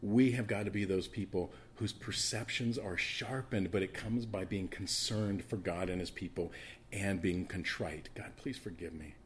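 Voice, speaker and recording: A man preaching a sermon in a lowish voice. He swings from loud, emphatic stretches to hushed, quiet asides. He repeats words and restarts phrases for emphasis. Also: fairly even intonation, unhurried, slight background noise.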